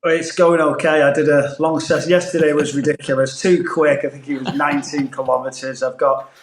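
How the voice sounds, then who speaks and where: A man's voice: fairly high pitch, level tone, brisk, roomy sound, a crowd in the background. A man who grew up in northeast England, with a Manchester-tinged accent, chatting earnestly on a podcast as a former footballer. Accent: Manchester-tinged English. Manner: earnest, rambling with restarts. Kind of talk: casual podcast chat.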